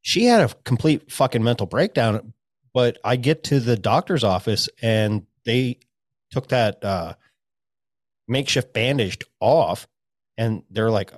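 A man's voice: fairly low pitch, expressive, unhurried, no echo, clean studio sound. A man co-hosting a podcast, telling a rambling, profane story in casual chat. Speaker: podcast co-host.

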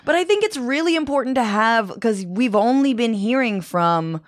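A woman's voice: a little high, animated, moderate pace, no room sound, studio quality. A woman comedian guesting on a podcast, talking emphatically and casually about politics, with some swearing. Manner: emphatic, swears, laughs easily.

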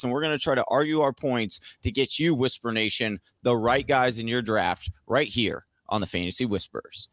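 An energetic man co-hosting a casual sports podcast, quick to poke fun at himself. His voice is mid-pitched. The sound is dry and close to the mic. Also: no echo. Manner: energetic opener, self-deprecating. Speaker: podcast co-host. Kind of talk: casual fantasy football podcast talk.

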